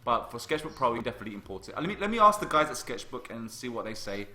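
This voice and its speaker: A man hosting a casual art livestream, chatty and excitable, reading viewer messages aloud. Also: mid-range voice, fast talker, roomy sound, slight background noise. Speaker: livestream host and artist.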